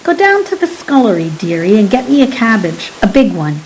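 A woman voicing a sullen, sly young nanny with rough working-class speech. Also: mid-range voice, big pitch swings, a little fast, a little mellow, a little hiss or hum, natural voice, rough recording. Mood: snappish.

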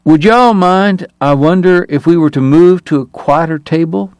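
A man doing a weary, courtly gentleman. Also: fairly high pitch, normal speed, dry recording, studio quality, voice pushed up, close to an everyday voice. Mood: weary, polite. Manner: courtly, dryly witty, soft-spoken. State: weary, slightly breathless. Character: tired, genteel young Southern gentleman, wry and courtly.

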